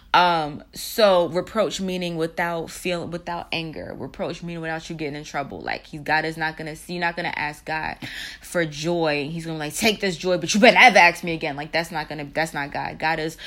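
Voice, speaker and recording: A young woman with a slightly low voice gives an earnest faith talk. She leads a spoken prayer, repeats her key phrases and lets her excitement break through. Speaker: Christian women's marriage speaker.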